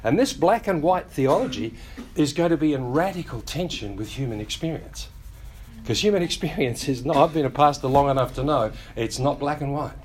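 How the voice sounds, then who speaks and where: Man, pastor, sermon, animated delivery, slightly high pitch, wry asides, faint background noise. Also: a little fast. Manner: acts out quoted voices, wry asides. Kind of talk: sermon teaching.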